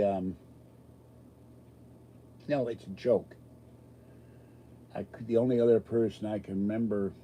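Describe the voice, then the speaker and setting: A man's voice: lowish voice, warm tone, slight background noise, rough recording. A man hosting a live stream, chatting casually with a rambling, self-deprecating, joking manner. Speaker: livestream host answering chat.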